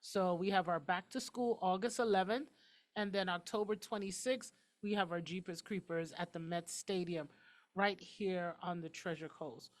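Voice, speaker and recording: A woman hosting a talk show, talking quickly and emphatically in a casual, outspoken way. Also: lowish voice.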